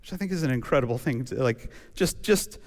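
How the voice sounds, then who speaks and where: Male pastor, chatty storytelling sermon, mid-pitched voice, big church reverb. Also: brisk. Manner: conversational, animated storytelling with acted quotes. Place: church sanctuary.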